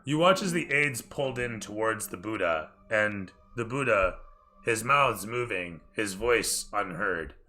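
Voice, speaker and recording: A man narrating a tabletop game as game master, talking in a hurried, self-correcting way with casual swearing. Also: lowish voice, animated, pushed and bright.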